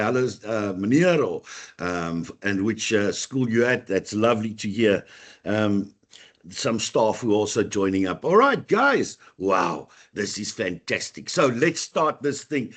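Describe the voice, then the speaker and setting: A man's voice: lowish voice, animated, measured pace, slightly rough. A man with a South African accent, a teacher running a live online lesson, upbeat and chatty as he greets students by name. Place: online video meeting.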